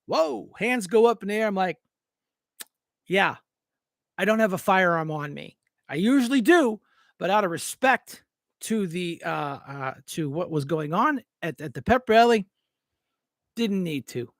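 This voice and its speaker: A middle-aged man with a high voice tells a story in a casual monologue and acts out both sides of a quarrel. The sound is dry and close, with no room around it. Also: dry recording. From Northwestern Pennsylvania. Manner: animated, retells arguments by acting out both sides. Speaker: show host.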